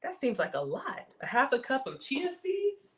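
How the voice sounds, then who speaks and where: Playful, animated woman hosting a cooking stream. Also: sits high, normal speed. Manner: playful, theatrical, bursts into gasps and whispers. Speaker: home cook and live-stream host. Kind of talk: casual live-stream cooking chat.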